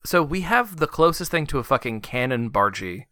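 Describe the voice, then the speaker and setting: A man's voice: mid-range voice, sing-song, normal speed, bright, forceful tone, no room sound, studio quality. A man co-hosting a podcast in casual chat, swearing constantly and laughing between lines. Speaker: podcast co-host.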